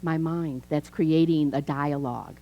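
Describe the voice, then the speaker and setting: With the highs cut off in the recording, a woman in her fifties speaks low and at a measured pace. She's a Chicago minister delivering a chatty sermon, telling stories and acting out dialogue.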